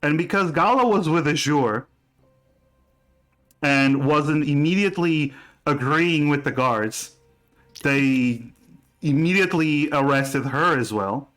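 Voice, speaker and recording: Slow-talking guy running a tabletop game, lots of restarts, soft music under. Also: a little high. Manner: halting, many restarts. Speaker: game master.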